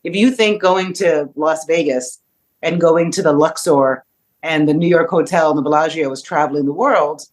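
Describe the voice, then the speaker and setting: A woman's voice: sits low, moderate pace. A woman in her fifties, a podcast guest, talking in a reflective way and asking rhetorical questions. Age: 50s. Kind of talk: casual discussion.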